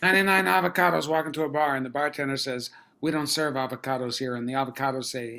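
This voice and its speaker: A man improv performer on a video call, telling jokes in a dry, quiet delivery. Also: medium pitch, steady tone, fast talker, vocal fry, hardly any pauses.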